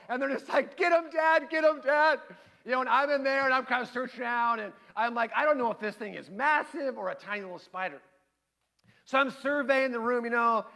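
A middle-aged man preaching a sermon, telling a family story with lively acted-out voices before turning quiet and earnest. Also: extremely high pitch, gravelly. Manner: animated storytelling, acting out his kids and himself. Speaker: pastor.

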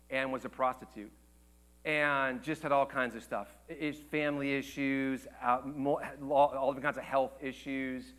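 A man preaching a sermon, telling a story with lively shifts between loud excited quotes and hushed quiet passages. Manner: animated storytelling, acts out quotes with jumps in pitch and volume; drops to a hushed, low voice for tender moments. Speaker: pastor.

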